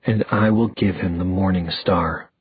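A determined young heroine speaks low, quiet and measured, in a male audiobook narrator's husky voice. The husky, breathy sound sits dry and close. The recording is a little dull and muffled. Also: steady tone, dry recording, heavily acted. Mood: resolute. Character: young woman heroine, determined and cold-nerved.

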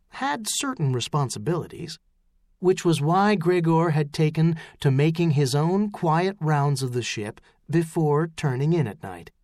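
A man reading a novel aloud as an audiobook narrator, telling the story in a measured way. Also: a little high, dry recording, clean studio sound. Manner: measured storytelling, rising into shouts for character lines. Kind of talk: scripted narration.

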